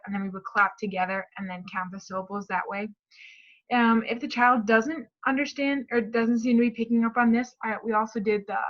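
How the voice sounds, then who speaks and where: A woman's voice: mid-range voice, a bit bright, muffled recording. A woman explaining a speech therapy lesson plan, reading from a script with small slips and fillers. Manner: reads a prepared script with restarts and fillers.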